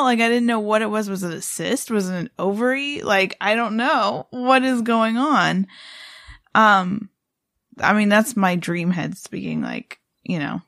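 A woman's voice: mid-range voice, a little slow, vocal fry, fairly bright tone, no room sound, clean studio sound. A woman co-hosting a podcast, telling a story in a rambling, casual way with lots of fillers and restarts. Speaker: podcast co-host.

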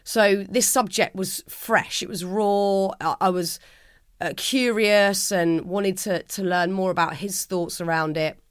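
In a clean, studio-quality recording with no room sound, a middle-aged woman speaks as an interview guest. Her medium-pitched voice has fairly even intonation and a measured pace, and she's earnest and heartfelt, often starting her sentences over in this reflective conversation.

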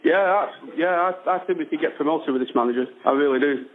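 A man's voice: on the high side, fast. A man chatting as a guest fan on the phone, hesitant and full of restarts. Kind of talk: casual chat. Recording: tinny phone line.

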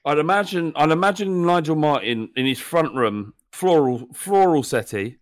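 Podcast co-host, animated pitch, playful storyteller, dry close mic. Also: male voice, normal speed, dry recording. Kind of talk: casual comedic chat.

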